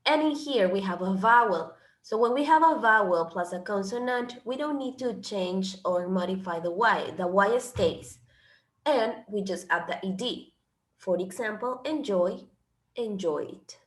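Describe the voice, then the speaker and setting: A woman's voice: mid-range voice, normal speed. Woman teaching English grammar. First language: Spanish. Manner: switches between English and Spanish, explaining patiently. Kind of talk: classroom grammar lesson. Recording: echoey room.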